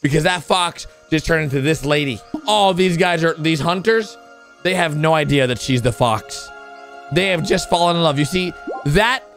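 A young man hosting a reaction video, commenting excitedly on cartoons, shouting and gasping at the surprises and talking straight to his viewers. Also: fairly high pitch, moderate pace, vocal fry, faint music behind.

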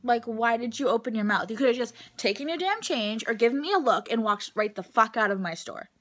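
A woman's voice: a little high, expressive, brisk, a bit bright. A young adult woman talking straight to camera in a casual vlog, venting bluntly and swearing freely about her day. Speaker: vlogger.

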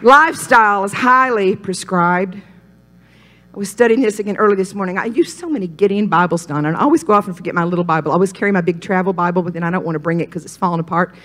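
A woman preaching a sermon with dramatic dynamics. She builds to loud, ringing declarations and then drops to hushed whispers. She often calls on the congregation to repeat her words. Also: fairly low pitch, quick pace.

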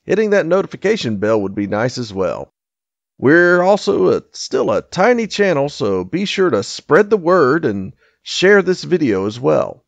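Male host outro, gravelly tone with lively pitch, dull lo-fi mic. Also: a little slow, no echo. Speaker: channel host, tavern barkeep persona. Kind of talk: scripted video outro.

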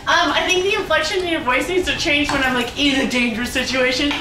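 A young woman playing a video game with friends, excitable, laughing and shrieking often. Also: sits high, quick pace. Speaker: let's play gamer. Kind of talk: casual gaming chat. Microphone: headphones, room mic. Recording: echoey room, far from the mic.

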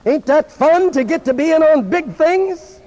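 A man's voice: very high-pitched, animated, measured pace, darkish tone. A man preaching a fervent, exclamatory sermon to a gathering of preachers, at times switching into French. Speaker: evangelist preacher. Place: large church or conference hall. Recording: dull lo-fi archive recording in a reverberant hall.

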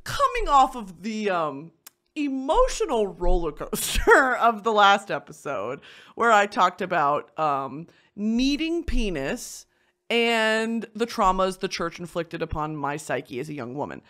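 A young adult woman hosting a podcast, ranting in a crude, comedic, animated way with bursts of shouting and laughter. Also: medium pitch, takes it slowly. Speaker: podcast host. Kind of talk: casual comedic podcast rant.

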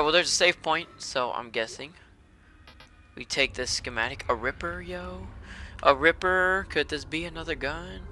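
A man commentating a horror game as he plays it, profane and excitable, often shouting at enemies. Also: on the high side. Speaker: gamer playing a horror game. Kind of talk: let's play commentary. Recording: game sound and noise behind.

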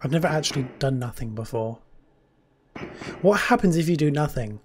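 A woman's voice: low voice, lively intonation, normal speed, darkish tone, a little hiss or hum. A woman streamer giving casual, crude, jokey let's-play commentary with plenty of swearing.

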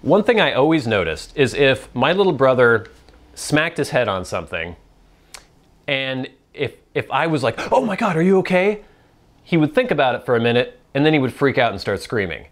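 Male host, casual solo show, rambling, self-deprecating, conversational, mid-pitched voice. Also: very animated, moderate pace, a bit bright. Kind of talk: casual solo show answering viewer questions.

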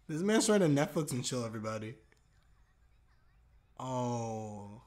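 A man's voice: mid-range voice, very animated, a little slow, pauses often, darkish tone. A man casually reacting to an anime episode, talking to his viewers with exclamations and laughter.

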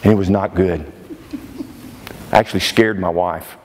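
A man's voice: low voice, steady tone, normal speed, darkish tone, big-room sound, a little hiss or hum. A male preacher delivering a sermon in an emphatic way, often exclaiming in disbelief. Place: church sanctuary.

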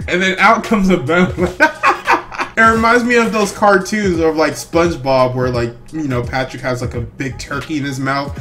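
A young man hosting a casual reaction video, jokey and animated, laughing often and calling the viewer bro. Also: on the high side, normal speed.

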